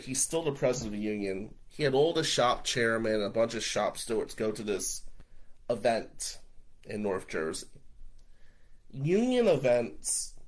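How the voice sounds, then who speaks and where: A man telling a personal story in a casual, profane, conversational way, often checking in with "right?". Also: mid-range voice.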